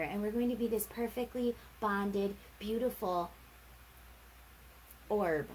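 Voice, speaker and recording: A woman's voice: fairly high pitch, slight background noise, low-quality recording. A woman giving a casual tarot reading, chatty and rambling, acting out little quoted exchanges as she talks. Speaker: tarot reader.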